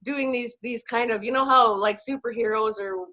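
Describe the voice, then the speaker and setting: A woman's voice: on the high side, normal speed, pushed and bright. A Canadian woman, a network marketing coach, telling self-mocking stories in a casual chat on a video call. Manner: chatty, self-mocking storyteller.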